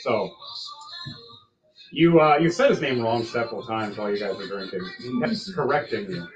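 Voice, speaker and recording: A man narrating a tabletop role-play game as game master, playful and quick to laugh. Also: medium pitch, lo-fi sound, faint music behind. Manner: playful, laughs often, puts on voices.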